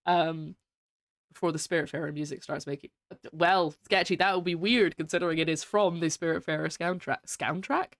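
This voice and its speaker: A woman's voice: lowish voice, moderate pace, no room sound, clean studio sound. A woman variety streamer chatting casually with her viewers while playing a game, welcoming and laughing often. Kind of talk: casual live-stream chat while gaming.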